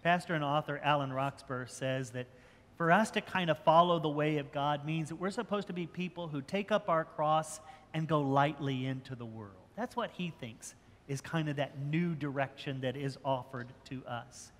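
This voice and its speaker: A man's voice: on the high side, normal speed, fairly bright tone. An older man, a pastor, preaching a sermon in a conversational way, often restarting his phrases. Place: church sanctuary. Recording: church hall with long reverb.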